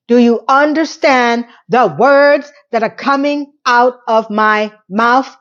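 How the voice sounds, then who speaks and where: A TV recap vlogger rants about an episode, animated, exasperated, and sarcastic, speaking straight to her viewers. Her fairly high voice is a little hoarse from losing it, slow with few pauses, in a muffled recording.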